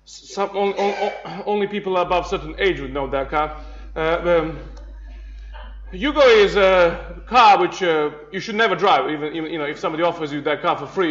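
Bright high-voiced pastor. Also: male voice, normal speed. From Serbia. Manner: jokey storytelling, laughing, many restarts. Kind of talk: humorous sermon. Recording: dull lo-fi sound.

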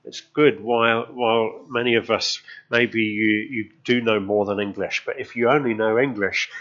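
A man's voice: fairly low pitch, fairly even intonation, moderate pace, fairly bright tone, muffled recording. A male preacher telling a story in a sermon, chatting with the congregation and often asking them questions.

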